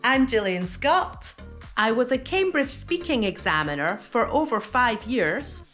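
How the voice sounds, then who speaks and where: A woman teaching English pronunciation, speaking slowly and deliberately and enunciating each word carefully so learners can repeat it. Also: fairly high pitch, very animated, a bit bright, soft background music. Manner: clear, careful enunciation of single words. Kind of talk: slow, deliberate teaching with pauses for repetition.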